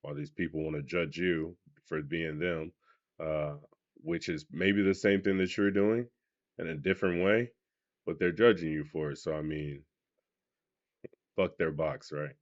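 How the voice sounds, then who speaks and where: Man, very deep voice, casual commentary, asks viewers questions, muffled sound. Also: unhurried. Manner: loose, questioning, speaks to viewers. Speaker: reaction video host. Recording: dull muffled recording.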